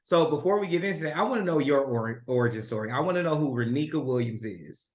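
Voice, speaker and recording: A man's voice: mid-range voice, lively intonation, quick pace. Upbeat interviewer man, echoey room. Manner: upbeat, laughs easily. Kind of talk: casual interview.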